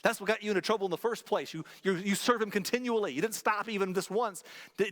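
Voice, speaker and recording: This male pastor speaks high and fast with a fairly bright tone, preaching in a church sanctuary where a long reverb tail follows him. He tells a story conversationally and hammers his points home through emphatic repetition.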